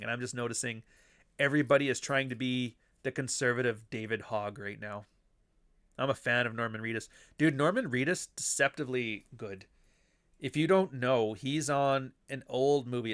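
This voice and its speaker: A man's voice: mid-range voice, a bit bright. A man hosting a casual livestream, rambling between topics and reading the chat aloud. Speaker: livestream host.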